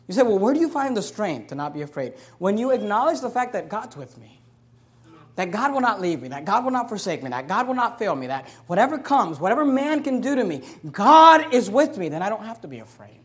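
A man, a pastor, preaching a sermon, swinging between loud, emphatic scripture reading and quiet, low asides, answering his own rhetorical questions. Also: very animated, a little fast.

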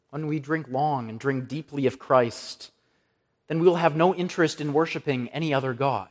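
A man preaching an earnest sermon from the pulpit, quoting scripture and naming the references. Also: a little high.

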